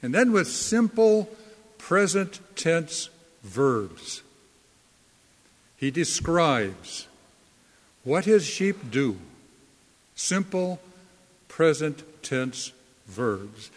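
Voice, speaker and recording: A man preaching a sermon as a pastor, slow and deliberate, leaning hard on key words. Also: a little high, sing-song, long reverb tail.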